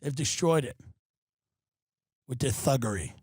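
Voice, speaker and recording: A man's voice: medium pitch, expressive, a little slow, darkish tone, husky, no echo, studio quality. A man hosting a podcast, delivering an exasperated, profane comedic rant from his apartment. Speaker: podcast host. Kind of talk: ranting comedic monologue.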